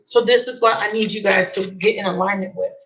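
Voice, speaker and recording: Excited tarot-reading woman, lilt. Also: mid-range voice, fairly quick, rough recording. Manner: excited, emotional, repeats key phrases. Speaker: tarot reader. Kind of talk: live channeled tarot reading.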